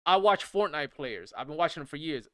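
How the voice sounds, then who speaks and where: A man's voice: a little high, fairly quick, clean tone, dry recording, studio quality. A man in his thirties ranting incredulously while he plays, repeating himself as he goes. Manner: incredulous, repetitive, animated. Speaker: gaming streamer. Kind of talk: casual rant while playing.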